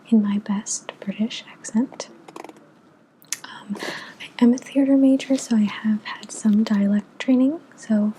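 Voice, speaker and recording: A young woman giving a whispered ASMR book review in a soft, unvoiced whisper, gentle and unhurried with little filler pauses. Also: mid-range voice, slight background noise, poor audio. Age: young adult.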